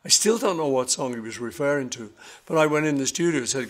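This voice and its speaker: A man being interviewed about his songs, telling stories in a relaxed, rambling way with many self-corrections. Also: medium pitch, quick pace. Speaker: interviewee musician. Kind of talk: casual anecdotal storytelling.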